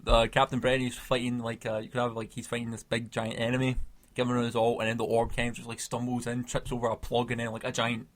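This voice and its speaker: A man's voice: medium pitch, monotone, fast talker. A man co-hosting a comic podcast, chatting casually, rambling and laughing as he spins out comic tangents. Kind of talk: casual chat.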